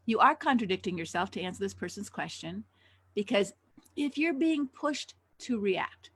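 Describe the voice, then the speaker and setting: A woman's voice: medium pitch, a bit bright, slightly rough, dry recording. An older woman giving a conversational teaching talk as a Christian counselor, asking many rhetorical questions.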